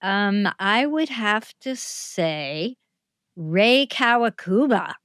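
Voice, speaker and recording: Lady in her 70s, talks slow n careful, super clean dry mic, guest on a chat show telling stories. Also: medium pitch, lively intonation, a bit bright, clean tone, no echo. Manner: thoughtful, measured storytelling. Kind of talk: interview conversation.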